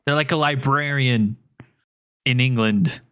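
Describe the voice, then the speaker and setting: Lively laughing male podcast co-host. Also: medium pitch, slow pace, clear, resonant tone. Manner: animated, laughs often, self-deprecating. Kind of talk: casual chat.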